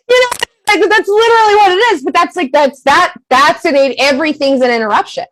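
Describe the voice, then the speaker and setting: A woman guest on a podcast, talking candidly in an animated, profane, emphatic way and laughing often. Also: extremely high pitch, normal speed, heavy background noise.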